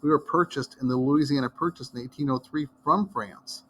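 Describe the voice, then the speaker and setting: A middle-aged man from Iowa teaches history in a relaxed, conversational way. He drifts into folksy stories and asides as he goes. His voice sits at an ordinary middle pitch. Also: fairly quick, a little hiss or hum. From Iowa, United States. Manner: folksy, digressive storyteller. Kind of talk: casual classroom lecture.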